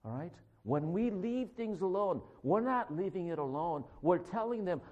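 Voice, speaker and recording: A man who is a physician, giving a conversational sermon in a church, animated and joking as he acts out confrontations. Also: high-pitched, moderate pace, highs cut off. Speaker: guest preacher, physician.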